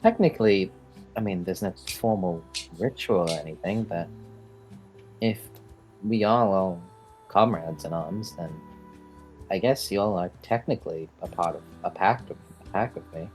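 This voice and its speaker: A man with a lowish voice chats through a tabletop game, halting and restarting as he works out rules. Faint music plays underneath. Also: lively intonation, a little mellow. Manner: hesitant, restarts often. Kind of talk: casual game chat.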